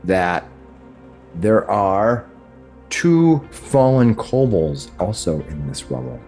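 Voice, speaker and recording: A man's voice: fairly low pitch, sing-song, mellow. Guy running a tabletop game, keeps restarting sentences, some faint music in the background. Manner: halting, restarts sentences often. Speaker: game master.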